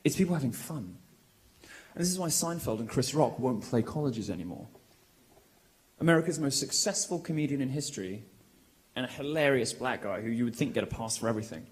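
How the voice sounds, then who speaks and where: A British man giving a provocative, mocking live speech to a college crowd in a large, lively room, delivering it loudly and with projection. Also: medium pitch, fairly quick. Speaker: public speaker.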